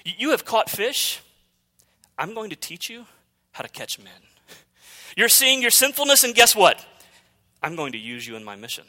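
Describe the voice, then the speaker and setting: A male preacher voicing Jesus as a calm, gentle teacher who speaks softly and reassuringly. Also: sits high, moderate pace, long pauses, pitched above the performer's own voice, heavily acted.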